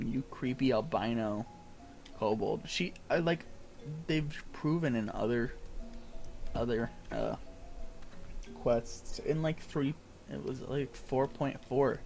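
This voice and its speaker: Slow, rambling man streaming a game. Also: medium pitch, gravelly, a little mellow. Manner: rambling, heavy use of filler "like". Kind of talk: casual gameplay commentary.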